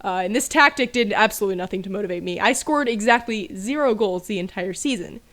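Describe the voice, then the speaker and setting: A woman's voice: medium pitch, quick pace, a bit bright. A woman telling a casual story about her childhood with dry, self-mocking humor. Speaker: storyteller over gameplay.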